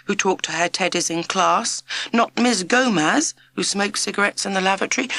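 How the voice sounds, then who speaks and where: A woman reading a children's storybook aloud in an expressive, measured narration. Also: fairly low pitch, vocal fry, husky, no room sound. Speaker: audiobook narrator.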